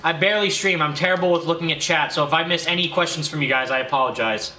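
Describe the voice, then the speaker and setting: A man's voice: on the high side, fast, crowd noise. A young man hosting a game livestream, chatting casually with a friend, laughing often and quoting movie lines. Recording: echoey room with faint background noise.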